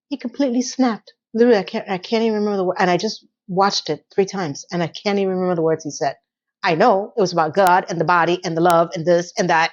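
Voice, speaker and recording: A woman hosting a casual TV episode recap, telling scenes with animated storytelling. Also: mid-range voice, muffled recording. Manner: animated storytelling, breaks into laughter. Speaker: recap host.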